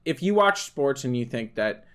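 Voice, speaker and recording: A young man co-hosting a podcast tells drinking stories in casual chat, his clear, resonant, mid-range voice very animated at a normal speed. His storytelling is rambling and profane, growing loud and full of laughter as it goes.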